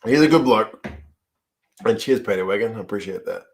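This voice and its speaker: A man's voice: on the low side, animated, brisk. A male host making dry, wry asides to his audience during a casual watch-along chat. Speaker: show host.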